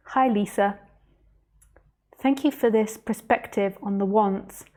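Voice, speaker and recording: Woman, spiritual teacher, live stream. Soft, slow and reflective, mid-pitched, speaks straight to the viewer. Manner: slow, soft and reflective, addressing the listener directly; reads out viewer comments as she goes. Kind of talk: live-streamed talk answering viewer comments.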